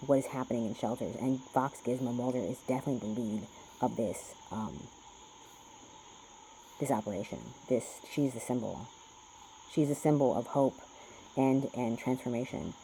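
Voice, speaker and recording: A man's voice: mid-range voice, dark tone, slight background noise, poor audio. A man rambling through a spiritual card reading, swearing often and lecturing his listeners. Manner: profane, preachy, talks to himself. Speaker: spiritual vlogger doing a reading.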